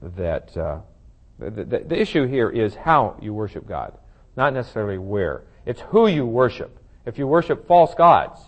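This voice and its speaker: A man's voice: on the low side, very animated, moderate pace, muffled recording. A man leading a Bible study, explaining scripture in a conversational way, thinking aloud with fillers and restarts. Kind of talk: verse-by-verse Bible study teaching.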